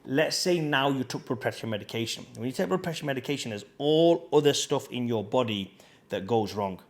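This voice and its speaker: A man's voice: medium pitch, lively intonation, fairly quick. A man, a fitness coach, talking casually to camera in a slangy, chatty storytelling way.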